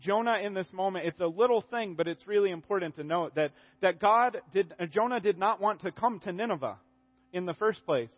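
Guy giving a chatty sermon, kinda high voice, restarts a lot, dull lo-fi audio. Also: brisk. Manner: conversational, animated, with many restarts. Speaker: preacher.

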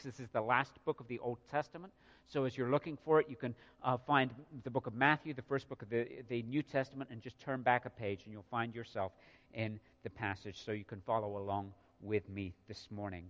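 A man's voice: medium pitch, steady tone, fairly quick, fairly bright tone, muffled recording. A man preaching a sermon, earnest and prone to repeating words as he builds a point. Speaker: pastor. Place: church sanctuary. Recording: long reverb of a church hall.

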